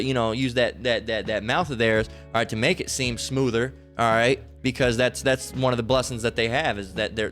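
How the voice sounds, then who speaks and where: A religious commentator talks in loose, rambling, casual spoken commentary, checking in with "all right?" between thoughts. His voice is medium pitched with a fairly bright tone.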